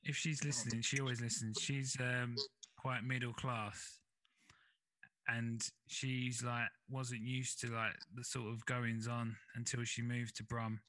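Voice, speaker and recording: A man hosting a podcast, easygoing and chatty at a middling pitch. He talks through his points loosely and keeps checking that his guest is with him. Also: flat delivery, measured pace, pushed and bright, poor audio. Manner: laid-back, chatty, asks for agreement. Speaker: podcast host. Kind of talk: casual chat.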